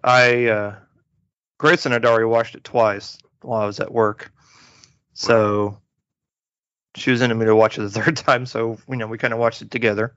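A podcast host with a medium-pitched voice reviews a movie at a moderate pace, leaving long pauses. His manner is relaxed and rambling, full of fillers and restarts. The recording is dull, lo-fi, and dry, without echo.

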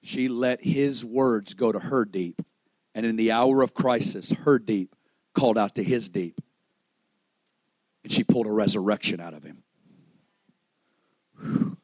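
A man's voice: on the low side, measured pace, pauses often, dry recording. Dramatic preacher man, dry close sound. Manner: dramatic, swings between loud exclamation and hushed storytelling; acts out quoted dialogue in the stories he tells. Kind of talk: sermon.

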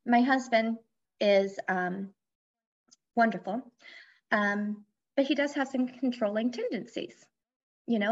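A woman life coach in a casual podcast interview, speaking candidly and explaining with personal examples. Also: medium pitch. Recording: dull lo-fi audio.

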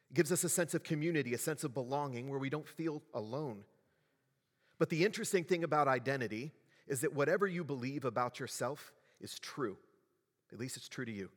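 A male pastor delivers a sermon at a middle pitch, talking to the congregation in a conversational way and asking them questions. His voice rings with the long reverb of a large church hall. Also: fairly bright tone.

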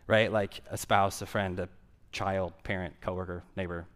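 A man's voice: low voice, flat delivery, normal speed, fairly bright tone. A man preaching a sermon in a conversational way, asking the audience questions and repeating key phrases for emphasis.

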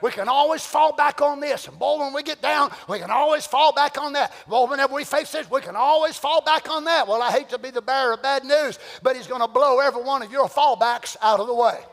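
A man preaching a sermon, dropping to near whispers and then rising into emphatic shouts. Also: very high voice, fairly quick, hardly any pauses. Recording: long hall reverb.

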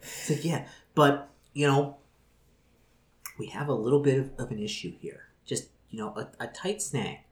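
A man's voice: medium pitch, normal speed, pauses often, natural voice. Brief: man playing a woman city boss, profane and scheming, stammers through orders; roomy room sound. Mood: worried. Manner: stammering, repeats words, swears. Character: foul-mouthed woman city official, furious and scheming. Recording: roomy echo.

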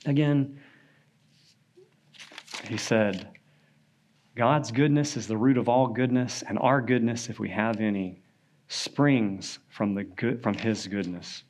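A man teaches a Sunday school Bible lesson in a church classroom, speaking at medium pitch, slowly, with long pauses. He's casual and conversational, often asking "right?", and turns animated when telling a story.

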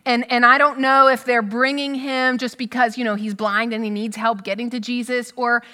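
A woman preaching a sermon in a conversational, animated storytelling manner. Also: fairly high pitch, normal speed, big-room sound.

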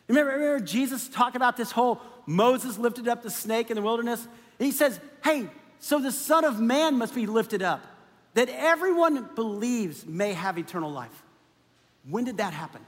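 High-voiced man preaching in a reverberant hall. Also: a bit bright. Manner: conversational preaching, keeps asking "right?". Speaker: pastor. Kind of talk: sermon.

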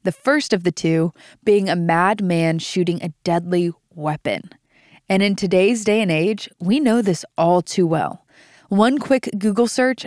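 A woman's voice: lowish voice, darkish tone, dry recording, clean studio sound. A young adult woman hosting a devotional podcast, reading scripture aloud and teaching it with earnest emphasis. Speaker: podcast host.

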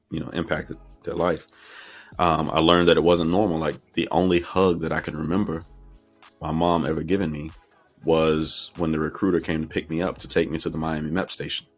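A middle-aged man from Florida, candidly recounting his life story as an interview guest and acting out remembered conversations. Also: very deep voice. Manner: candid, reflective, acts out remembered dialogue. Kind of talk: personal storytelling.

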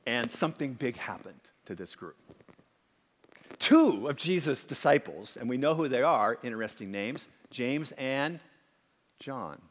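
A man preaching a sermon, swinging from emphatic acted-out quotes to hushed asides. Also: mid-range voice, expressive, measured pace. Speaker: pastor. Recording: long hall reverb.

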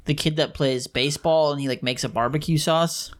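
A man's voice: fairly high pitch, fairly even intonation, a little fast. A young man co-hosting a podcast, rambling and musing with many fillers. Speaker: podcast co-host. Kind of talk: casual chat.

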